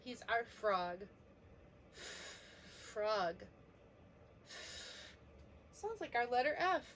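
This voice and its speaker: A woman teaching a preschool letter lesson, gently sounding out each letter for young children. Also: fairly high pitch, sing-song, moderate pace, a little hiss or hum.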